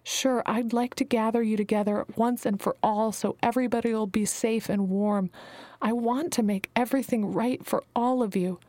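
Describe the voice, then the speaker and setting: A woman's voice: mid-range voice, mellow, no echo, natural voice. A woman voicing a motherly female healer who calls everyone her babies, speaking soothingly and sometimes dropping to a whisper, in a dry recording. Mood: tender. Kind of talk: audiobook character reading.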